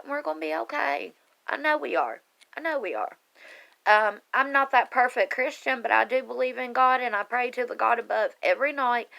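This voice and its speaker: On the high side and a bit bright, her voice carries vocal fry as she speaks to her online group about her life. The casual, heartfelt live video has her addressing viewers directly, earnest and emotional, rambling slightly.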